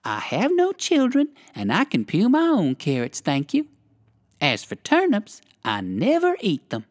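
A storyteller voicing a small, brisk mouse lady in a children's story, who talks curtly and dismissively in a much higher voice. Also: huge pitch swings. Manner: curt, dismissive. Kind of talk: storybook character voice.

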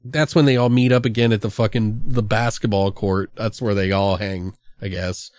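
A man's voice: fairly low pitch, normal speed, no echo, clean studio sound. A man casually recapping a horror movie on a podcast, swearing often, quoting lines from it and cracking himself up. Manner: profane, animated storytelling with quoted character lines and big laughs.

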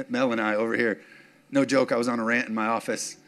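A man's voice: mid-range voice, level tone, moderate pace, a bit bright. Emotional man preaching a casual sermon. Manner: conversational preaching with laughing asides. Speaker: pastor.

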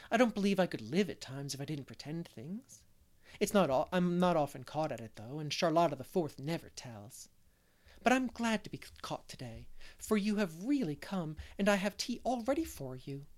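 A man reading aloud, voicing a lively middle-aged unmarried woman who loves make-believe and gushes over her guests. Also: a little high, moderate pace. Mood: eager, fussy. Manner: gushing, fond of make-believe. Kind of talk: storybook character reading.

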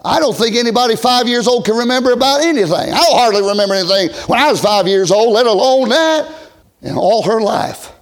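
A middle-aged man preaching a revival sermon, folksy, swinging from loud shouts to hushed near-whispers. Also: very high-pitched, lively intonation, a little fast. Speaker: pastor.

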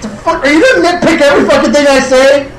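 A man in casual movie-talk banter who swears a lot and breaks into loud, excited outbursts. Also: very high voice, fast talker, echoey room, background noise.

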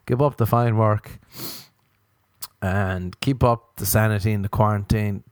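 A man's voice: fairly even intonation, a little slow, dry recording. Man, solo comedy podcast host, crude and rambling, dry close sound. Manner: crude, rambling, self-mocking, with sudden high-pitched exclamations.

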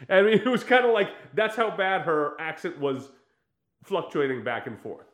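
Man, slightly high voice, casual chat, animated storytelling, mocking, laughing. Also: moderate pace, reverberant.

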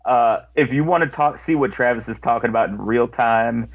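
A man co-hosts a podcast in a steady, mid-pitched voice, talking directly to the audience. His delivery is measured and even. The recording sounds dull and lo-fi. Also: breathy edge. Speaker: podcast co-host. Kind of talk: casual chat.

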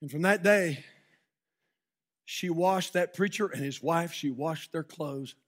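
A man preaching a sermon from a church pulpit, telling a story dramatically with sudden hushed drops and loud shouted peaks, then leading prayer. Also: on the high side, takes it slowly. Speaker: pastor.

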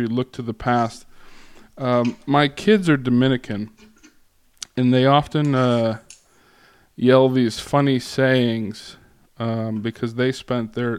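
A man speaking as a guest lecturer to a class, in a relaxed way with many fillers, pauses and restarts. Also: medium pitch, clear, resonant tone, no echo. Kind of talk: casual classroom talk.

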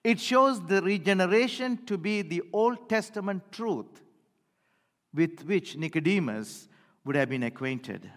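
A man preaching a sermon to his church, with dramatic pauses and phrases that fall away at the end. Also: high voice. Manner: animated preaching with dramatic pauses and falling endings. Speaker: pastor. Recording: long hall reverb.

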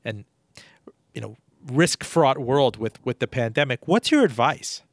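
Dry-sounding host asking long questions. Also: male voice, mid-range voice, expressive, unhurried, no room sound. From North Miami Beach, Florida. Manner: long, winding questions built from lists. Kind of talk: interview question.

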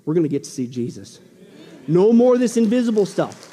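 A male pastor preaching a sermon, swinging between loud exclamations and hushed asides. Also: high-pitched, big pitch swings, a little fast, in a large hall, a little hiss or hum.

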